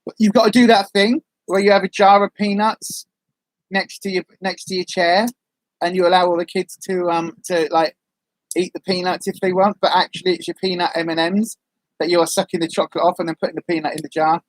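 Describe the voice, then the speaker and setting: A woman's voice: on the low side, little pitch movement, brisk, no room sound. A woman chatting casually on a livestream, reading out viewer comments in a rambling, friendly way with lots of ums. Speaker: vlogger, livestream host.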